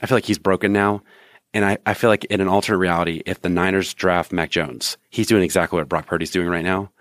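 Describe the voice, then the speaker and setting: A man's voice: low-pitched, fairly even intonation, quick pace, a bit bright, no echo, clean studio sound. A man co-hosting a sports podcast, joking and rambling in casual chat. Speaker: podcast co-host.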